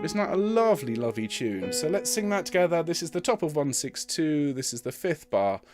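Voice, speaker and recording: A man's voice: a little high, very animated, fairly quick. A man leading an online choir rehearsal, encouraging and chatty, counting the singers in and singing phrases to demonstrate. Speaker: choir director. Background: piano.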